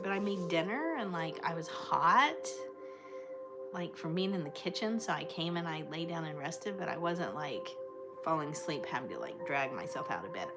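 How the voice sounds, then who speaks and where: A woman chats casually with her livestream viewers, affectionate and fond, calling them sweet names. Her voice sits a little low for a woman. Clear background music plays under her talk. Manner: chatty and affectionate, fond of terms of endearment. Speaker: livestream host. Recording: clear music playing behind the voice.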